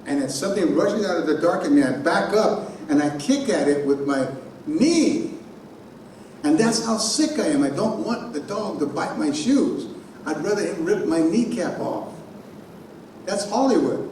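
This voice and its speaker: Man, keynote storytelling, animated, fairly high voice, heavy room echo, distant mic, faint background noise. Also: moderate pace. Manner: animated and personal, imitates sounds aloud. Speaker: keynote speaker. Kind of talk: storytelling speech. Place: conference hall on a college campus. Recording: very echoey hall from far off.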